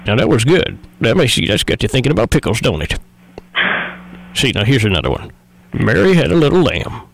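A man's voice: medium pitch, big pitch swings, a little fast, creaky, slightly rough. A man making a crude, rambling prank phone call, full of hesitations. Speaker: prank caller.

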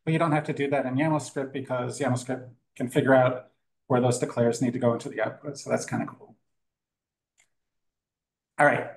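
A man's voice: medium pitch, steady tone, normal speed, creaky, long pauses, slight background noise, low-quality recording. A man giving a casual, joking live talk at a meetup, with plenty of fillers and restarts. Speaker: conference speaker. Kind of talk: live tech talk with demo. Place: meetup room with audience.

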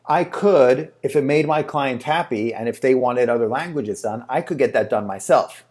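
A man talks straight to his camera in a loose, chatty way, telling a story from his working life. He leans on fillers and restarts as he goes. His voice sits at an ordinary middle pitch. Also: moderate pace, darkish tone. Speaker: translator and agency owner. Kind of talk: casual talk to camera.

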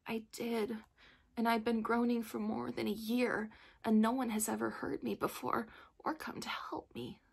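A woman voicing a polite, grateful, sad man made of tin in a storybook reading, speaking softly. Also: medium pitch, moderate pace, breathy edge. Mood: sorrowful.

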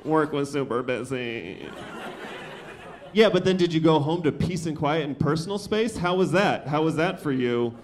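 A man's voice: a little high, noisy background. Man in his thirties doing stand-up. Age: 30s. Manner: conversational, acts out quick voices for friends and his son. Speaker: stand-up comedian. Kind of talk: stand-up comedy set. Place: comedy club stage.

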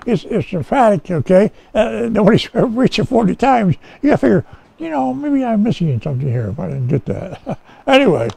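A man's voice: sits high, vocal fry, darkish tone, breathy edge, no echo, rough recording. A male pastor teaching from the Bible in a folksy, conversational way, often checking in with his listeners. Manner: folksy and conversational, asks "okay?" often, many restarts. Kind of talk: informal Bible-teaching sermon. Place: rescue mission chapel.

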